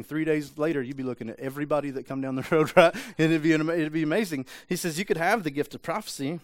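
Guy preaching in church, kinda high voice, super chatty, keeps restarting and asking the room stuff, dry close sound. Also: quick pace, few pauses, dry recording. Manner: conversational preaching with many restarts and rhetorical questions. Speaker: pastor. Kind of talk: sermon. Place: church sanctuary.

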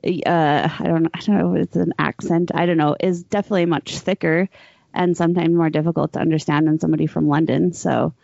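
A woman co-host chats in a musing, casual way, her voice a little low. The sound is dry with a dull edge. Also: fairly even intonation, a little fast, vocal fry, a little mellow, no echo. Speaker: podcast co-host. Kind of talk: casual chat.

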